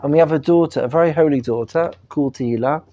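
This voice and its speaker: A man's voice: a little high, fast, mellow, highs cut off. A man with a British accent teaching a live class as a rabbi, polite and orderly, laying out the lesson plan. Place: study hall.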